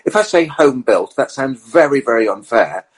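A middle-aged man and racing driver on a podcast, telling motorsport anecdotes in a lively way and acting out the quotes. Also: mid-range voice, moderate pace, husky, low-quality recording.

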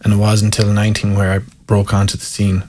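An Irish man in his thirties, a former footballer, telling self-mocking stories in a relaxed chat. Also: on the low side, fast talker, a little hiss or hum. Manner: self-mocking, animated anecdotes with laughs. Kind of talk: casual storytelling.

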